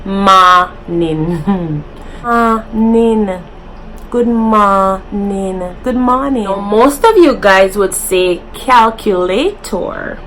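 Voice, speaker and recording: A young woman with a Jamaican accent chats in a casual vlog. She talks at an unhurried pace and playfully drops into patois. Faint ambient noise sits behind her voice. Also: mid-range voice, expressive, low-quality recording. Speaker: vlogger.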